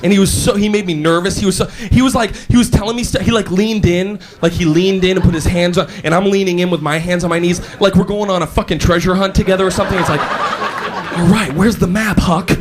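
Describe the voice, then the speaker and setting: High-voiced, shouting stand-up comedian. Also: male voice, fast talker, few pauses, background noise. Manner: animated, shouting, acting out scenes. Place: comedy stage before a big audience. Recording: live show with crowd laughter.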